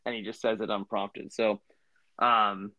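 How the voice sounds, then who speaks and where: A man's voice: on the low side, little pitch movement, unhurried, bright, forceful tone, no room sound, lo-fi sound. A man in his thirties co-hosting a podcast, telling a long story in a rambling way with lots of fillers and restarts. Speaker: podcast co-host. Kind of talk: casual storytelling chat.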